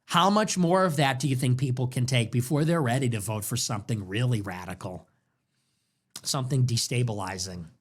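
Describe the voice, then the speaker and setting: In a mid-range voice at normal speed, a young male political show host delivers a heated, ranting monologue. He leans heavily on rhetorical questions, repeating them again and again.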